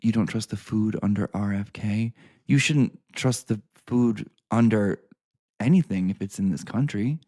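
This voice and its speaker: A man's voice: lowish voice, unhurried, mellow. A man ranting to his viewers, sarcastic and full of swearing, repeating lines for emphasis. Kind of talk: profane sarcastic rant to camera.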